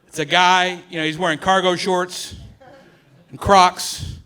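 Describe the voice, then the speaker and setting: A male stand-up comedian with a high, bright voice. He talks chattily on stage and corrects himself mid-sentence. He often laughs through his lines. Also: little pitch movement, unhurried, clear, resonant tone. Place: comedy stage before an audience.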